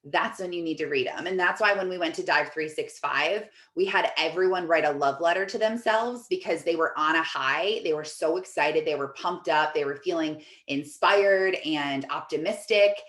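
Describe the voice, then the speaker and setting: A woman's voice: deep voice, normal speed, hardly any pauses, a bit bright, roomy sound. A woman life coach hosting a group video call, chatting casually and reading out comments from the chat in an upbeat, encouraging way.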